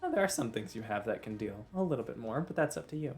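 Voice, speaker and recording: A man's voice: medium pitch, big pitch swings, fast, soft background music. A man serving as game master, narrating combat and patiently explaining rules between filler uhs. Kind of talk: narrating and refereeing a tabletop game.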